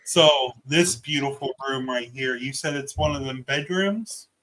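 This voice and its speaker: A man's voice: medium pitch, unhurried, a bit bright, low-quality recording. A man interviewing a house owner, asking eager, curious questions in a casual way.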